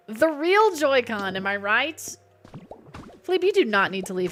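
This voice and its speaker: Chatty woman streamer with a higher voice, riffing with chat over soft game music. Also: animated, measured pace. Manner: chatty, reads chat aloud and answers it, jokey. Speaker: live streamer. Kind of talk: casual gaming stream chat.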